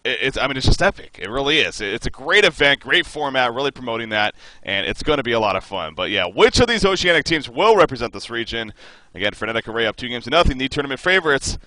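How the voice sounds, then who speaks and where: An enthusiastic man adds rambling color commentary to an esports match over a voice call. His mid-pitched voice is bright and forceful, recorded dry with no room sound. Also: very animated, fast talker, no room sound, poor audio. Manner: enthusiastic, rambling, restarts phrases. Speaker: esports co-caster.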